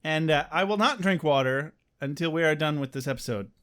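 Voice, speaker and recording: A man's voice: on the high side, brisk, fairly bright tone. A man co-hosting a podcast in casual chat, joking and crude. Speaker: podcast co-host.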